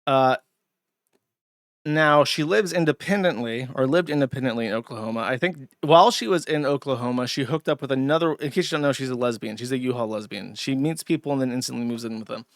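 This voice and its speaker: A man's voice: mid-range voice, a little fast, no room sound. A man hosting a livestream, rambling through crude, sardonic commentary with lots of fillers, close to a desk mic. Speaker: streamer and host.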